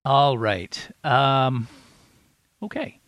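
A man's voice: medium pitch, lively intonation, very slow, a bit bright, dry recording. A man playing in a tabletop game who talks playfully and hums filler sounds. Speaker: player. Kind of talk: casual tabletop play.

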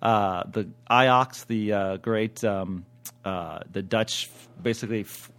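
A man's voice: lowish voice, measured pace, fairly bright tone. An American man co-hosting a podcast, rambling casually with frequent restarts. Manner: rambling, many fillers and restarts, laughs easily. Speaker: podcast co-host. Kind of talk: casual chat.

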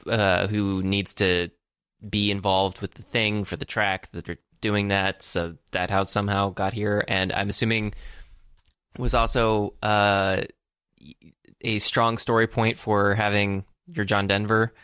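Low-voiced man rambling about a movie. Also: level tone, measured pace, fairly bright tone, smooth, dry recording, clean studio sound. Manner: rambling, hesitant, many fillers and restarts. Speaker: podcast co-host. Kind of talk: casual movie discussion.

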